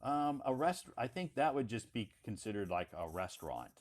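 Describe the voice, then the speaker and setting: An American man hosting a casual English-learning chat, repeating words clearly for a learner and laughing often. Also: medium pitch, very animated, normal speed. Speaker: English teacher host. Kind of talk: casual conversational interview. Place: lives in Beijing.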